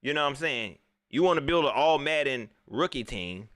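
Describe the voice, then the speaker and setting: A man, hosting a casual live sports talk show, animated and talking straight to his viewers as he reads their chat. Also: medium pitch, moderate pace, no room sound, studio quality. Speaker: sports talk livestream host.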